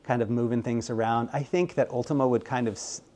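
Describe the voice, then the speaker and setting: An American man talking through interview answers at an ordinary pitch. He rambles along with plenty of ums and likes, and keeps his delivery lively. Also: brisk. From United States. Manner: rambling, filler-heavy, animated. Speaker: game localization director.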